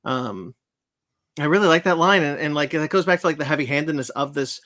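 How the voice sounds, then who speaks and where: A man's voice: fairly high pitch, lively intonation, brisk, fairly bright tone, no echo. A man hosting a podcast, talking loosely about a film with many hesitant fillers. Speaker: podcast host. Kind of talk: casual film discussion.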